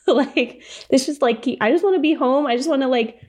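A woman's voice: on the high side, animated, fast, a little mellow. A young woman casually telling a personal story as a podcast guest, chatty, with lots of fillers and frequent laughs.

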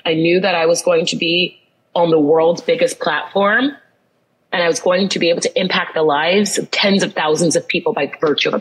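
A woman speaks a little lower than most, with a husky, breathy edge to her voice. She tells a personal story in an interview, earnest, and leans into emphatic repetition. It sounds like a conversational podcast. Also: rough recording. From United States. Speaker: guest.

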